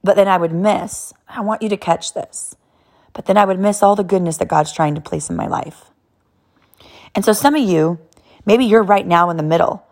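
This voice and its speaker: A woman's voice: mid-range voice, normal speed, darkish tone. A woman in her thirties from Southern California speaks candidly about her faith in a personal talk. Her delivery is emotional and rambling, full of restarts as she works through her thoughts. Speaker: vlogger sharing a personal story.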